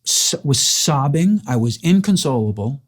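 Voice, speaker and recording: A man's voice: medium pitch, sing-song, measured pace. A man hosting an interview, earnestly retelling a memory in a casual storytelling way. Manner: earnest, emotional retelling with restarts. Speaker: host.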